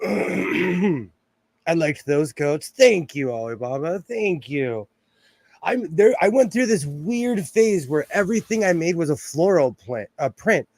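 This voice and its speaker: Chatty man with a higher voice. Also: dry recording. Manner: chatty, laughs often, rambling asides. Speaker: sewing livestream host. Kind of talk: casual live-stream chat. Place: home sewing room. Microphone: phone close by.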